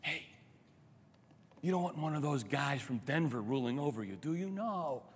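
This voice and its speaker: A man's voice: fairly high pitch, expressive, moderate pace, slightly rough. A man voicing a scheming ancient male ruler, coaxing his kin in a conspiratorial tone. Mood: wheedling. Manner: coaxing, conspiratorial, rhetorical questions. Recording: long hall reverb.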